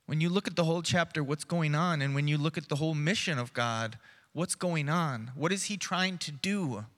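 A pastor preaching a sermon, earnest and measured, sometimes dropping to a soft, slow, reflective tone. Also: male voice, fairly high pitch, in a large hall. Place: church sanctuary.

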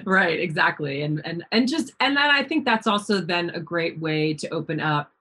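A woman host leads a relaxed interview, working her way toward her questions with a thoughtful, searching manner. Her voice is lowish and slightly husky. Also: moderate pace. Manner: thoughtful, searching questions with many "you know"s. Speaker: podcast host. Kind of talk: conversational interview.

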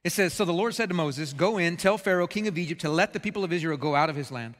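A male pastor preaching a sermon, impassioned and swinging between loud outbursts and hushed, quiet passages. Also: on the high side, expressive, fast talker, big-room sound.

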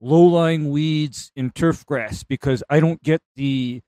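A man co-hosting a call-in show, walking listeners through spraying methods in a measured way. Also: fairly high pitch, steady tone, mellow, no room sound. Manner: measured, explains methods step by step. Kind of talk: casual technical talk.

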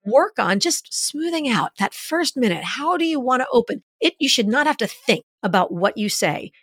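Dry, lively-voiced woman expert guest. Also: on the high side, moderate pace, husky, no room sound. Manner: energetic, explanatory, acts out examples. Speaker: guest expert on leadership communication. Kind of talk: podcast interview.

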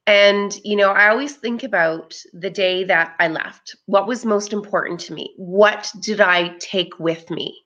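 A woman's voice: medium pitch, unhurried, few pauses, pushed and bright. Reflective woman guest on lo-fi audio. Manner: reflective, earnest, with frequent "you know". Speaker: interview guest. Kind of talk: casual interview conversation.

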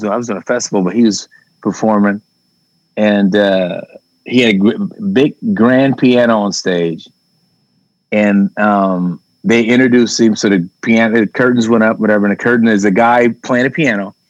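Animated man telling comedy stories. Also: fairly low pitch, moderate pace, no room sound, lo-fi sound. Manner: animated storyteller, swears casually, acts out quotes. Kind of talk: casual chat.

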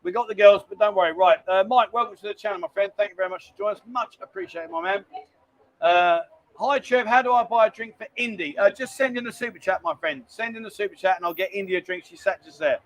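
A man's voice: high-pitched, rapid-fire, a bit bright. A man hosting a casual live stream from a lounge bar, chatting with viewers and reading their messages aloud. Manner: chatty, reads viewer messages aloud, calls people mate. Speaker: livestream host.

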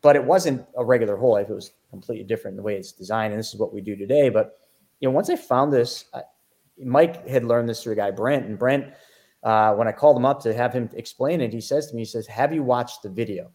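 A middle-aged man, a guest on a podcast, spins his story with energy, jumping in pitch as he acts out his own past reactions. His talk is casual and quick to swing between hushed asides and bursts of excitement. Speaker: podcast guest, financial educator. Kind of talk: animated storytelling.

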